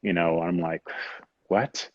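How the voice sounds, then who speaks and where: A man's voice: deep voice, fairly even intonation, moderate pace, no echo, dull audio. A man as an interview guest, telling a personal story with candid emotion, often saying "you know" and acting out what others said.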